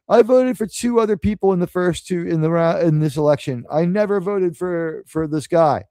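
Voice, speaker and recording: A man from New hosts a live stream in a loose, rambling way. He swears freely and turns sarcastic, and his voice sits fairly high for a man. The sound is close and dry, with no room around it. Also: moderate pace, few pauses, warm tone, smooth, dry recording. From New York City. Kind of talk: casual live-stream rant.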